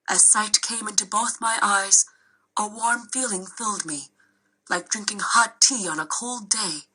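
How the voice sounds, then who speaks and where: A woman narrating a children's novel aloud in a steady storytelling way. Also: medium pitch, breathy edge, low-quality recording. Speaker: reader.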